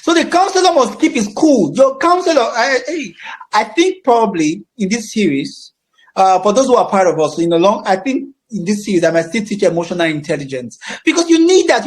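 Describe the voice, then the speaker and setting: A man's voice: very high-pitched, animated, moderate pace. A Nigerian man facilitating a counseling course, speaking emphatically with a projecting voice and often repeating his phrases. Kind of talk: teaching a class.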